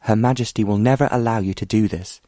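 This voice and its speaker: A man's voice: fairly low pitch, fast, mellow, no room sound, clean studio sound, lightly acted. A man voicing a frightened but defiant young noblewoman, pleading and protesting desperately.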